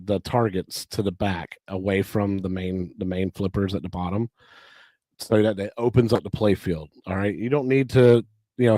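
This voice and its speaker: A man's voice: on the low side, a little mellow, no echo. A man co-hosting a casual show, sharing firm opinions and asking his co-host questions. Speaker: podcast co-host. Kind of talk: casual chat.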